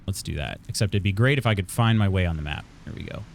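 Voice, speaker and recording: A man's voice: lowish voice, quick pace, a little hiss or hum. A man from Illinois casually chatting while streaming a video game, reading chat aloud and laughing often.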